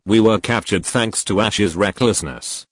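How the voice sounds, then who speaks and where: A man's voice: fairly low pitch, a little slow, breathy edge. A man voicing a sulky young male rival in a fan-fiction reading, muttering and blaming. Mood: resentful.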